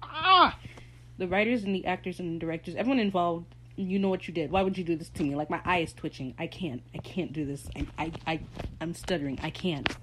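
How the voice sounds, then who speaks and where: A young woman giving a casual, excitable episode recap, swearing freely and laughing often. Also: on the low side, fast talker, hardly any pauses, slight background noise. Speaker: show recap host.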